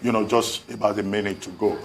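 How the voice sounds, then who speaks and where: Measured man, news co-host. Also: on the low side, fairly even intonation, gravelly, a little hiss or hum. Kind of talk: TV news interview questions.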